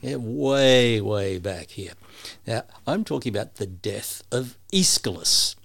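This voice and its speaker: A man's voice: fairly low pitch, animated, slow, creaky. A man co-hosting a casual chat, playful and teasing as he muses aloud. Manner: playful, musing, teasing skeptic. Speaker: podcast co-host.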